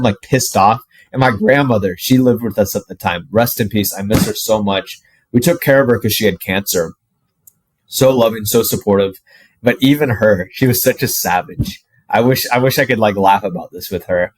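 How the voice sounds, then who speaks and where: A man's voice: mid-range voice, a little fast, no room sound. A man in his twenties telling a personal story to camera, casual and profane, with constant fillers like "like". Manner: profane, animated, heavy use of "like". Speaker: fitness coach.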